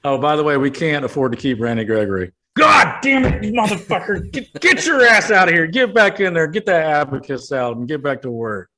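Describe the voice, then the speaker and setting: A man impersonating an angry older team-owner father who scolds his son, profane and loud. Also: medium pitch, fast, hardly any pauses, close to an everyday voice. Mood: yelling.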